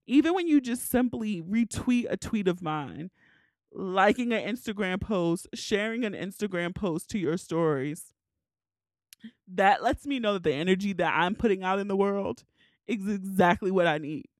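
A woman's voice: mid-range voice, expressive, normal speed, dry recording. Tearful woman hosting a solo podcast, candid and emotional, dry close mic. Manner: emotional, candid, swears casually. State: tearful, crying. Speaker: podcast host.

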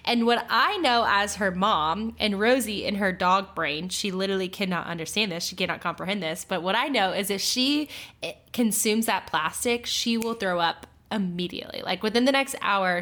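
A woman talks about faith on a podcast in a voice of middling pitch. She tells stories in an animated, chatty way and fills her sentences with fillers. The tone stays conversational throughout. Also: normal speed. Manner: animated storytelling with frequent fillers. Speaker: podcast co-host. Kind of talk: casual faith chat.

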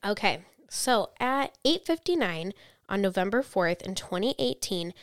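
A woman co-hosting a casual true-crime podcast, telling the story in a chatty way, with quotes read out flatly. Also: medium pitch, no echo, clean studio sound. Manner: chatty, reads quotes flatly then reacts.

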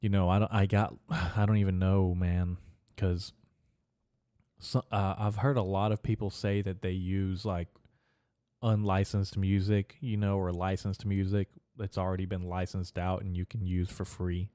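A man's voice: deep voice, little pitch movement, unhurried, warm tone, no echo, clean studio sound. A young man hosting his own podcast, rambling crudely and profanely through a casual solo monologue and laughing at his own jokes. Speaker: podcast host.

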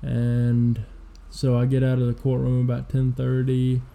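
A man in his twenties co-hosting a podcast, telling a long story in casual, profane chat with plenty of fillers, at low energy. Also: monotone, measured pace, creaky, dark tone. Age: 20s. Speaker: podcast co-host.

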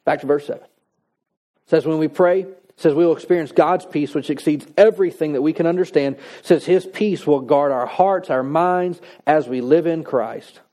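A man's voice: fairly high pitch, moderate pace, dark tone. A man preaching a sermon in a conversational, folksy way, reading scripture and adding plain-spoken asides. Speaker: pastor.

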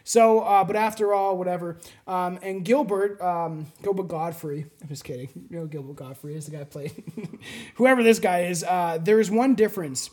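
High-voiced Canadian man chatting freely. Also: moderate pace. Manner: rambling, animated, swears casually. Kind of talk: casual podcast chat.

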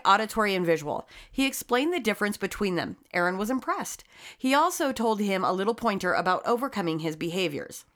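A woman co-hosting a podcast, her pitch rising and falling in a lively way. She narrates events and jokes about herself in casual, profane chat. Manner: lively, joking, swears casually. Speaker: podcast co-host.

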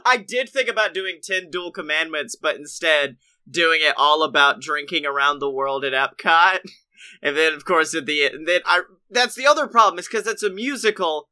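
A man with a very bright, slightly high voice talks excitedly in a casual podcast chat. He laughs often and climbs in pitch and volume when he gets worked up about something. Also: normal speed, smooth. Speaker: podcast co-host.

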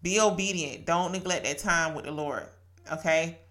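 Woman, late 30s to 40s, podcast host. Lowish, bright tone. Casual, earnest devotional talk, quick to laugh. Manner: earnest and chatty, laughs often, quotes scripture.

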